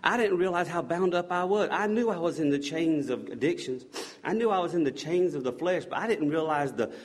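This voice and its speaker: A man giving an earnest spoken faith testimony, halting and restarting his words and often dropping to a soft hush. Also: on the high side, animated. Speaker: speaker giving a personal testimony.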